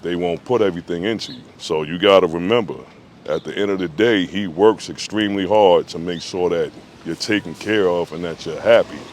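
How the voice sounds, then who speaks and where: A man, a fitness trainer, telling a motivational story in a conversational, animated way. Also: sits low, moderate pace, a little hiss or hum.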